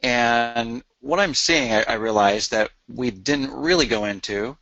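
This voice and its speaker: A man co-hosting a webinar in casual talk, halting and restarting words with fillers. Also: mid-range voice, fairly bright tone, no room sound, muffled recording. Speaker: webinar co-host. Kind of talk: casual chat.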